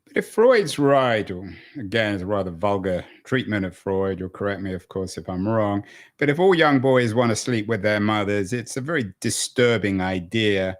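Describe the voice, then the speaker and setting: Man, podcast host, probing questions, thinks out loud, slightly low voice. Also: expressive, normal speed. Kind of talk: interview questions.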